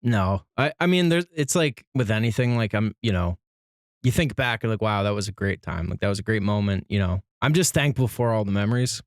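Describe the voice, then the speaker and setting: A man talks in a slightly low voice, laid-back and loose, swearing casually and saying "dude". His voice is recorded close and dry. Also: animated, a little fast, no echo. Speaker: podcast co-host. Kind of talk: casual podcast chat.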